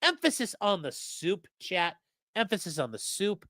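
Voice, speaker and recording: A man's voice: high voice, measured pace, dry recording, studio quality. A man co-hosting a livestream, reading sponsor spots in a rambling, sarcastic, joking way and talking straight to the chat. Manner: sarcastic, rambling, deadpan jokes addressed to chat.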